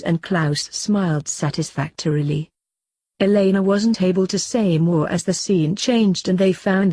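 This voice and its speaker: A woman reading a fan-written story aloud in a steady, even narrating voice. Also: on the low side, no echo. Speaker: fanfiction reader.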